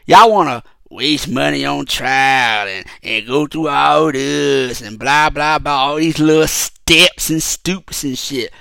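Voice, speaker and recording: Fired-up, profane podcast host. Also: male voice, a little high, animated, measured pace, vocal fry, pushed and bright, dry recording. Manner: profane, heated and rambling, with frequent restarts. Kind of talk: casual solo podcast commentary.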